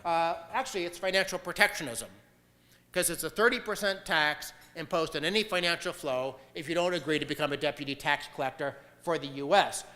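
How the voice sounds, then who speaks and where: A man's voice: fairly high pitch, brisk, sharp tone, long reverb tail. An American man giving a conference talk, emphatic and argumentative, with frequent filler sounds. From United States. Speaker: conference speaker.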